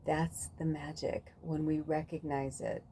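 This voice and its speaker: A woman's voice: low-pitched, flat delivery, a little slow, dark tone, a little hiss or hum. A woman hosting a spiritual podcast, talking in a casual, rambling monologue full of fillers and the odd swear word.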